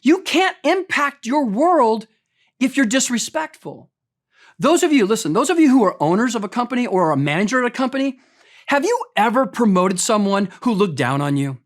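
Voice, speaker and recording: A man's voice: very high-pitched, big pitch swings, moderate pace. A man preaching a conversational sermon as pastor, speaking straight to his congregation and often repeating words as he talks.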